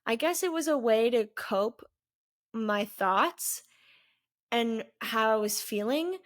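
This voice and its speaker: A young woman in her twenties with a slightly high voice tells her own story in a vlog. She speaks candidly and earnestly, often pausing and restarting as she goes. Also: lively intonation. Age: 20s. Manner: candid, earnest, halting with pauses. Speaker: vlogger. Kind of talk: personal storytelling.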